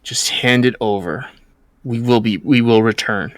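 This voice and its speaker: A man voicing a menacing male assailant with a dagger, speaking in a slow, threatening way. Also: mid-range voice, no room sound, clean studio sound, lightly acted.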